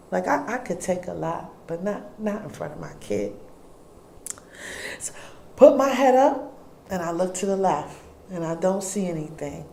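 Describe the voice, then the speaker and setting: A middle-aged woman, a guest telling a personal story in an interview, acting out dialogue and swinging between hushed and loud. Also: mid-range voice, expressive, normal speed, gravelly, slight background noise. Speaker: guest, food business owner. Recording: echoey room.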